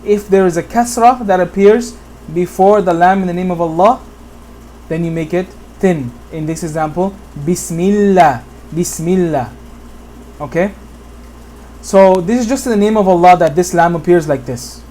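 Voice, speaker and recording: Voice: mid-range voice, normal speed, warm tone, slight background noise. A teacher from Bangladesh giving a whiteboard lesson on Quran pronunciation, patiently repeating examples and often checking in with the listener. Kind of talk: whiteboard tutorial.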